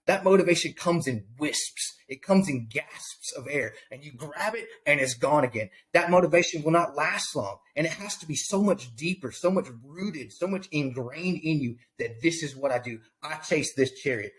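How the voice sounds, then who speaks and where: A man's voice: fairly high pitch, lively intonation, normal speed, hardly any pauses, fairly bright tone. A man speaking as a podcast guest, giving a fervent, preachy motivational talk about faith and purpose, often repeating his words. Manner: impassioned, preachy, repeats himself.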